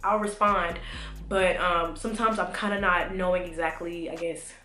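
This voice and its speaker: A woman's voice: on the low side, steady tone, moderate pace, pushed and bright. A young woman vlogging to camera in a casual, rambling way with lots of fillers, a little congested. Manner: chatty, rambling, many fillers. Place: home room. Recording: echoey room.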